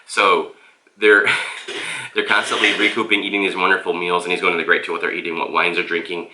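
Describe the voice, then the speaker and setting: A man's voice: deep voice, flat delivery, brisk, roomy sound, background noise. A man reviewing a book on camera in a loose, rambling way and often calling his viewers "guys.". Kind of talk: casual vlog book review. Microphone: camera mic.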